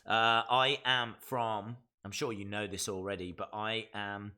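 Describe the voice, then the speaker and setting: Bright-voiced Black Country man. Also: fairly low pitch, steady tone, unhurried, few pauses, clear, resonant tone. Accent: Black Country English. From West Midlands, England. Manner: chatty and opinionated, with frequent fillers. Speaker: wrestling live-stream host. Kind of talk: casual live-stream chat, reading viewer comments.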